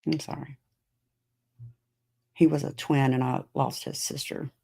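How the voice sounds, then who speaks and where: A woman's voice: extremely low pitch, level tone, moderate pace, gravelly, warm tone. A middle-aged woman hosting a podcast, chatting casually with viewers and answering their comments with plenty of fillers. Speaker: podcast host. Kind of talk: casual live-stream chat with viewers.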